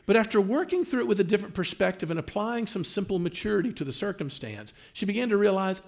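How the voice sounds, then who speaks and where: A man preaching, telling a story in an animated way with lots of "uh" fillers. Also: sits high, fast, vocal fry, hardly any pauses. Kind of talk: sermon storytelling.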